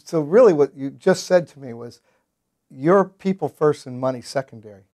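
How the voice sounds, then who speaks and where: A man's voice: a little high, expressive, moderate pace, a little mellow. A man hosting an interview show, chatty and enthusiastic, often repeating words as he starts a question. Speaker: talk show host. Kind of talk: casual interview.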